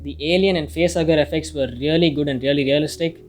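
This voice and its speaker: A man's voice: a little high, steady tone, fast talker. A man reading a casual, opinionated film review, now and then swearing mildly. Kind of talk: scripted review narration. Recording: music playing faintly behind.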